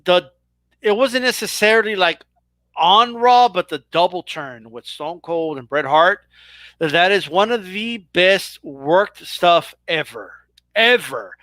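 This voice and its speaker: A man's voice: high-pitched, animated, takes it slowly, pushed and bright, dry recording. A man co-hosting a casual wrestling talk, laid-back, often adding "bro" and "you know what I mean". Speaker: co-host. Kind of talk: casual chat.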